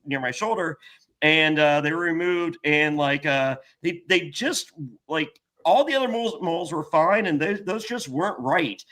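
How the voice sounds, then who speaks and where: A middle-aged man hosting a podcast, telling a story in a rambling, profane, excitable way with many restarts. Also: on the high side, normal speed, poor audio. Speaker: podcast host. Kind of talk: casual storytelling chat.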